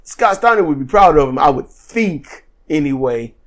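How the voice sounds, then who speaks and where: Male podcast co-host, high voice, lively joking recap style. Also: normal speed. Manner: animated, acts out quotes in silly voices; joking, laughs often. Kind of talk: casual wrestling review chat.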